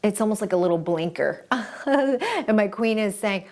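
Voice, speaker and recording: A woman's voice: medium pitch, expressive, darkish tone. A woman hosting a self-help video, speaking directly to the viewer in an earnest, reflective and encouraging way. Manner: addresses the viewer directly with pauses and restarts. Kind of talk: motivational self-help talk.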